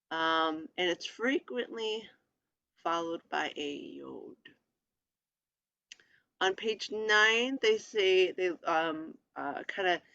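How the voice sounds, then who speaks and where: A teacher giving an informal lesson on letters and vowels, pausing often with ums and reading lists of words aloud while sharing a screen. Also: medium pitch, sharp tone, no echo, muffled recording. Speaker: Hebrew teacher. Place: presenting a lesson from a screen share.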